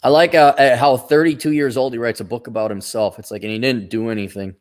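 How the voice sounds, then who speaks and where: A man's voice: mid-range voice, fairly even intonation, fast talker. A man hosting a casual livestream, reading out viewer donations and giving blunt, rambling opinions with frequent restarts.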